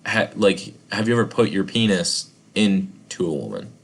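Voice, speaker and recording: A young man in his twenties, a podcast co-host, talking in a deadpan, patient way on a video call. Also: deep voice, moderate pace, creaky. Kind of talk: casual chat.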